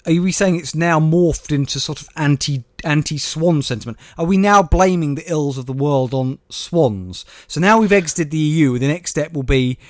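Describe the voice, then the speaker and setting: A man's voice: fairly high pitch, normal speed, few pauses, no echo. A young man co-hosting a podcast, riffing sardonic jokes in casual chat. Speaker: podcast co-host.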